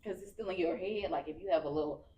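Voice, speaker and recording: A woman's voice: fairly low pitch, fast talker, over a noisy crowd. A woman in her thirties, a guest speaking candidly and colloquially in an interview. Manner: candid, animated storyteller with colloquial speech. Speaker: guest, cancer survivor. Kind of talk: casual interview conversation.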